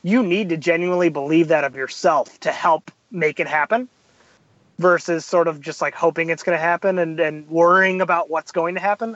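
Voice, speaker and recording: A man's voice: fairly high pitch, no room sound, dull audio. A man guest on a podcast, chatting casually and acting out quotes as he tells stories. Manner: animated storyteller, acts out quotes.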